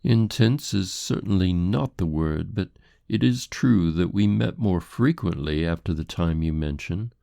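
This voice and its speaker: A man's voice: low voice, unhurried, gravelly, dark tone, no echo, studio quality. A man voicing a haughty, indignant English society lady who speaks in a prim, defensive, formal way.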